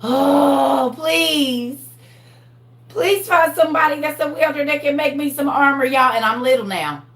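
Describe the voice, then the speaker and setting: A woman hosts a live online class in casual chat, animated, laughing and talking straight to her viewers. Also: sits high, unhurried, reverberant. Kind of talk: casual livestream teaching chat.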